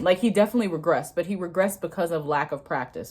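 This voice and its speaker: A woman's voice: on the low side, fast, hardly any pauses, darkish tone, slightly rough. A young woman in her twenties from the United States, chatting casually and reading a lesson aloud while learning a language, swearing freely and laughing often. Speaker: vlogger learning Korean. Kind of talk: casual study vlog.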